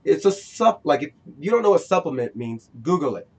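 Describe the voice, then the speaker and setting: A man's voice: a little high, big pitch swings, brisk, a little mellow. A man hosting a casual podcast, rambling and preachy, often restarting his sentences. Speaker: podcast host.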